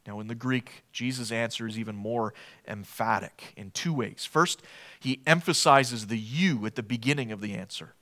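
A man preaching a sermon with passion. He swings between loud, emphatic declarations and hushed, low passages, and repeats short phrases for emphasis. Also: moderate pace. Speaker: pastor.

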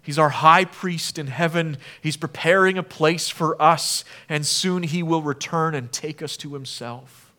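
A man preaching a sermon as pastor, earnest, asking the congregation many questions and swinging from emphatic appeals down to quiet, low passages. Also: measured pace. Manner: asks the listeners many questions.

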